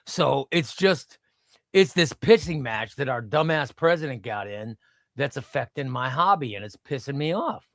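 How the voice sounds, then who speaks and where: A man's voice: medium pitch, expressive, normal speed, a bit bright, dry recording, studio quality. A middle-aged man hosting a casual comic book livestream, rambling and reading chat aloud.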